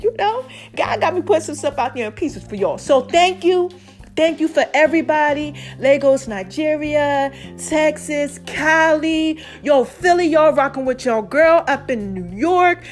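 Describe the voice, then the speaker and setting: A middle-aged woman hosting her own podcast, talking to listeners in an animated, chatty way. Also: high-pitched. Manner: animated, chatty, calls listeners y'all and baby. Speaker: podcast host. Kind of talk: casual podcast monologue.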